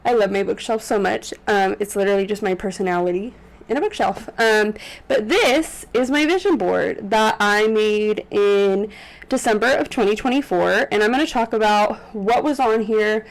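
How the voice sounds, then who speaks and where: A woman's voice: mid-range voice, normal speed, low-quality recording. A woman in her twenties talking casually to the camera in her apartment room on a desk microphone, rambling with many ums and corrections and close to tears. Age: 20s. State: tearful, on the verge of crying. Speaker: vlogger. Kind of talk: casual vlog talk to camera. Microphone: USB desk microphone.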